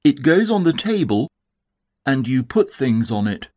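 A man voicing a gentle, sleepy male teddy bear in a storybook reading, mild and ponderous. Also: medium pitch, very animated, unhurried, dry recording, clean studio sound.

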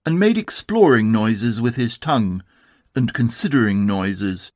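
A man narrating a children's storybook in a calm, measured, expressive way. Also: mid-range voice. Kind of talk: storybook reading.

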